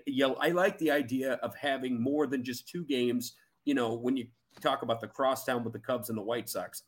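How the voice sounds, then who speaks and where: A man's voice: mid-range voice, fairly bright tone. A man co-hosting a baseball podcast, giving emphatic, opinionated takes in casual chat. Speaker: podcast co-host.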